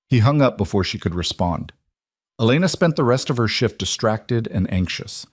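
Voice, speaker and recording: A man giving steady, measured scripted narration of a dramatic story. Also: on the low side, no echo, studio quality.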